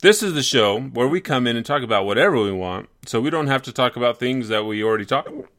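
A man hosts a casual podcast chat with a bright, forward voice that swings widely in pitch. He talks in a playful, teasing way. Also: expressive, quick pace, dry recording. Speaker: podcast host.

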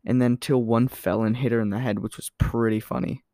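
A man's voice: mid-range voice, steady tone, fairly quick, mellow, no echo, clean studio sound. A young man hosting a podcast, telling stories in a rambling, casual way with lots of fillers and self-corrections. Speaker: podcast host. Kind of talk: casual storytelling monologue.

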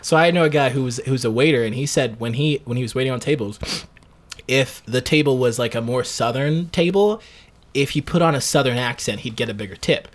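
A man hosting a podcast from South Carolina, chatting casually with friends, animated and laughing often. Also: mid-range voice, brisk. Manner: animated, laughing, slips into playful quoted voices. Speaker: podcast host.

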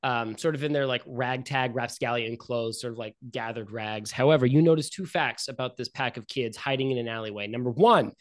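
A man's voice: medium pitch, a little fast, few pauses. Man narrating as game master. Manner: casual, filler-heavy narration with many likes and uhs.

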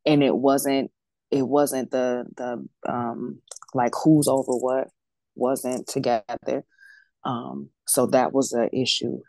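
Woman in her 40s, raspy-ish fry, tells her story really animated and emphatic. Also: extremely low pitch, takes it slowly, no room sound. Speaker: death doula guest. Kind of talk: casual personal storytelling.

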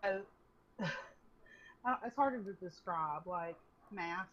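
A young woman casually telling an animated story to a friend, swearing freely. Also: fairly low pitch, slow. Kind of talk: casual chat. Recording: dull lo-fi recording.

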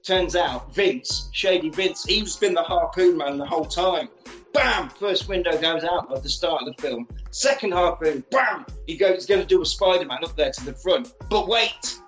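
Animated man recapping a film. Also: a little high, normal speed, few pauses. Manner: animated, swears freely, acts out quotes. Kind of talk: casual comic film recap. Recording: roomy echo, faint music.

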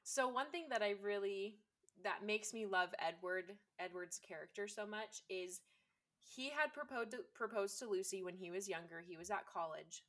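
A woman's voice: medium pitch, moderate pace, fairly bright tone. A woman chatting casually and enthusiastically, with lots of fillers. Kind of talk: casual chat.

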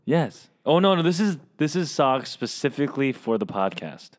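A man's voice: medium pitch, big pitch swings, normal speed. Chatty man setting up a podcast chat. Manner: chatty, loose, filler-heavy. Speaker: podcast host. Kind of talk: casual chat with a guest. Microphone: podcast microphone with pop filter.

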